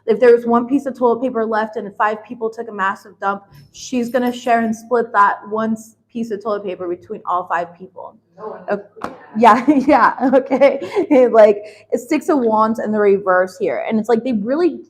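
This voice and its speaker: A woman's voice: a little high, fairly quick, low-quality recording. A young adult woman giving a casual tarot reading, blunt and laughing often, swearing freely. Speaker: tarot reader.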